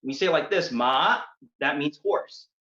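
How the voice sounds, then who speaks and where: A man's voice: fairly high pitch, fairly quick, fairly bright tone. A man performs a slam poem with a rhythmic, emphatic delivery that builds in intensity. The sound is somewhat dull and muffled. A noticeable echo from the venue hangs around the voice. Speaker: slam poet. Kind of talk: spoken word poetry performance. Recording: dull, echoey venue recording.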